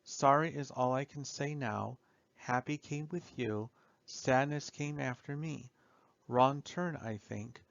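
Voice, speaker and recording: A man reads grim verse at an unhurried pace, measured and somber, letting line ends fade softly. His voice sits at an ordinary pitch. The recording is dull and dry, with no room sound. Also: creaky, no room sound. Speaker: audiobook narrator. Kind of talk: slow reading of dark poetry.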